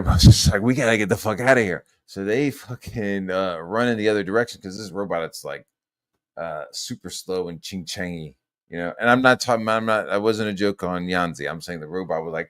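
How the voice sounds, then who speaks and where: A man hosting a podcast who tells stories in a rambling, profane casual chat full of fillers. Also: on the low side. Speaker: podcast host.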